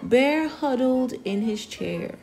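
A woman reads a children's picture book aloud very slowly, her voice rising and falling with lively expression. Her pitch sits a little high, and soft music plays faintly behind her. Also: poor audio. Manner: slow, expressive, animated. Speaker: storyteller.

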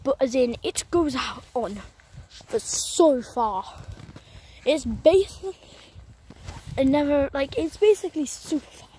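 With her phone in hand, a young woman walks a country road and vlogs, chatty, rambling and apologetic. Her high, mellow voice moves unhurriedly, broken by long pauses, and a slight hiss or hum sits underneath.

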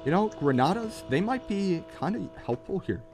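A man giving jokey, excitable live commentary while playing a mobile shooter game. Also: high voice, normal speed, faint music behind. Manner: excitable, jokey, keeps exclaiming in alarm. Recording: loud game gunfire behind. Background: game gunfire and explosions.

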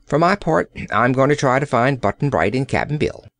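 A man's voice: mid-range voice, expressive, moderate pace, fairly bright tone, dry recording. A man voicing a frank, plucky little girl who speaks earnestly and bluntly. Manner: earnest, pleading, outspoken.

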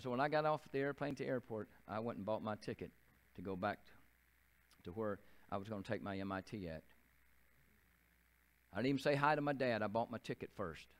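Folksy Southern pastor preaching. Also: male voice, medium pitch. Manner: folksy storytelling, repeats and restarts phrases. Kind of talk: sermon. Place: church.

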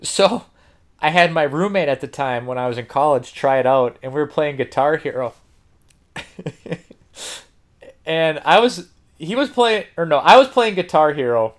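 A man with a slightly high voice tells a story on a casual podcast, swearing freely and laughing as he goes. He rambles, restarts sentences and piles up loose asides. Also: animated, moderate pace, pauses often. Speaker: podcast host.

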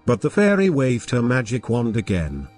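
A man narrates a fairy tale as a bedtime story, reading calmly, gently and steadily. His voice sits at a plain middle pitch. Faint music plays quietly underneath. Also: moderate pace. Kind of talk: scripted narration.

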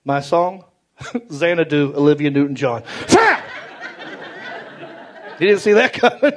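A man telling an animated stand-up story on stage, acting out other people in big voices. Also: a little high, slow, long pauses, slight background noise. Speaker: stand-up comedian. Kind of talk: stand-up comedy set. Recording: live club recording, roomy, loud crowd. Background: audience laughter.

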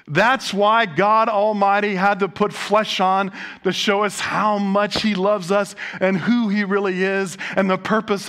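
Pastor guy giving a sermon, bright tone, lots of rhetorical questions. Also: sits high. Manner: storytelling with jokes and rhetorical questions. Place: church sanctuary.

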